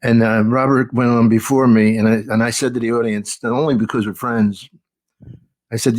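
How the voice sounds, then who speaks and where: A man, a comedian hosting a podcast, telling rambling stories in casual chat, with halting, stammered restarts. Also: mid-range voice, fairly even intonation, a little mellow.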